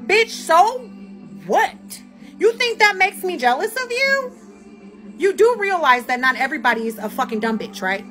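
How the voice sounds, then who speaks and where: A woman's voice: on the high side, a bit bright. A young woman, ranting and cursing heatedly as a livestream host. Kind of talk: angry ranting commentary.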